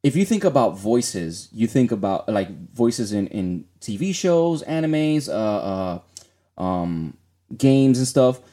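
A man's voice: mid-range voice, very animated, slow, dark tone. A man co-hosting a casual gaming podcast, rambling with many fillers and restarts. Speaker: podcast co-host.

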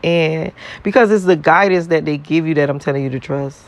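A man's voice: a little high, fairly quick. A man in a casual, blunt, profane rant to his viewers, repeating himself and laughing between points. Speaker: vlogger.

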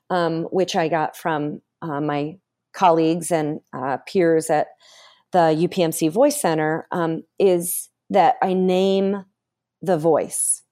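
A woman guest in an interview, talking about voice therapy in an animated way and acting out her therapy cues aloud. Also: lowish voice. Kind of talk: casual interview talk.

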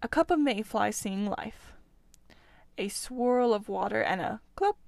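A woman reading a classic storybook aloud in a steady, expressive narration. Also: medium pitch, no echo. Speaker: audiobook reader.

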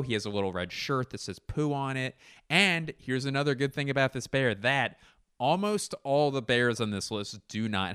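A man's voice: fairly low pitch, fairly bright tone, smooth, no room sound, studio quality. A young man hosting a podcast, rambling through a comedic monologue, swearing and mocking himself, sounding tired. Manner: swearing, self-mocking, trails off into mumbles. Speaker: podcast host. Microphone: computer mic.

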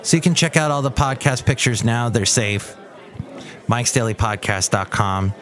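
A man's voice: mid-range voice, moderate pace, a bit bright, soft background music. A man hosting his own podcast in a rambling, playful monologue. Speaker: podcast host. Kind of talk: casual comedic monologue.

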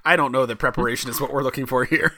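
A man's voice: mid-range voice, fairly even intonation, racing, bright, forceful tone, a little hiss or hum. A man co-hosting a podcast who talks in a wry, explanatory way in casual conversation. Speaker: podcast co-host.

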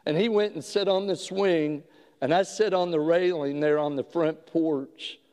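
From the pulpit, a pastor with a slightly high male voice tells a story, speaking slowly and unhurriedly with many halting restarts. His tone is warm and smooth with fairly even intonation, and the long reverb of a large hall rings around him.

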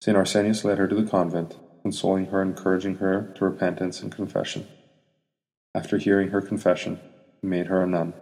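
A man with a very low, dark voice narrates a saint's life in a steady, solemn read with almost no rise and fall. A long hall reverb hangs behind every line. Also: a little fast, vocal fry. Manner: even, solemn reading.

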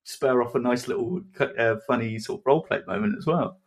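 A man's voice: medium pitch, fairly quick. A man co-hosting a casual podcast chat, jokey and encouraging, laughing a lot. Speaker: podcast co-host.

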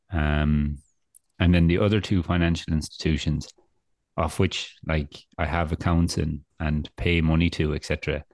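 A young Irish man with a very deep voice co-hosts a casual podcast. He rants sarcastically. The sound is dry and close. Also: a little mellow, dry recording. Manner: ranting, sarcastic. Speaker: podcast co-host. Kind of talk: casual chat.

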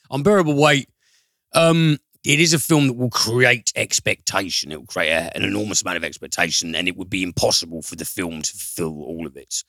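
Male podcast host, very low voice and bright tone, loose rambling reviewer who swears casually. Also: no room sound, clean studio sound. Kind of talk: casual film review chat.

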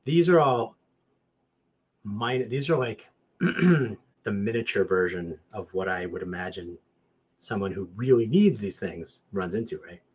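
A hoarse man chatting casually, rambling and restarting his sentences, getting louder when worked up. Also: on the low side, a little slow. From Southern Nevada. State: hoarse, clearing throat. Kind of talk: casual chat.

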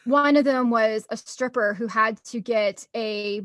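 A woman's voice: on the high side, a little slow, no echo, studio quality. A young woman telling stories in a casual chat, bubbly and laughing often.

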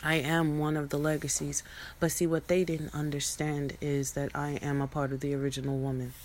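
A woman's voice: deep voice, little pitch movement, moderate pace, slight background noise. A young woman in a rambling, profane monologue, preaching at her viewers with many restarts and asides. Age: young adult.

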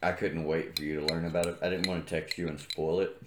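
Low-voiced wisecracking man, echoey room. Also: quick pace, noisy background. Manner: wisecracking, deadpan jokes. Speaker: podcast co-host. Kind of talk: casual chat watching wrestling. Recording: roomy echo.

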